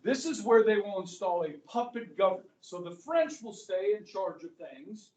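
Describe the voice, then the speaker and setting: A man teaching a history class, talking in a chatty, animated way and checking in with the students again and again. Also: high voice, moderate pace, a little hiss or hum. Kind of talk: classroom lecture. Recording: echoey classroom, mic far off.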